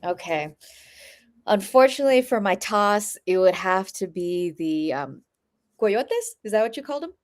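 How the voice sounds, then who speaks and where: A woman appearing as a podcast guest, talking in a playful, casual way. She laughs often and tosses in quick asides. Her pitch is in the middle range. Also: very animated. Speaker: guest runner. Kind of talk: casual chat.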